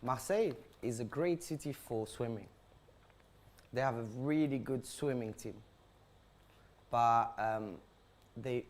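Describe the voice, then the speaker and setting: A man chatting as a guest on a live stream, hesitant and giggly. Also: mid-range voice. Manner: hesitant, giggly, non-native phrasing. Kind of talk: casual chat.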